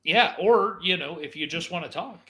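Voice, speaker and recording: A man co-hosting a live talk show, speaking casually in a dry, teasing, measured way. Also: sits high, expressive, bright, forceful tone. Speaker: podcast co-host. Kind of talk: casual chat.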